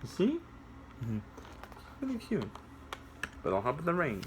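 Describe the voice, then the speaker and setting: A young man reading a picture book aloud to children, breaking off to talk to them directly in a sing-song, animated way. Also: fairly high pitch, measured pace, pauses often, a little hiss or hum. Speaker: children's story reader.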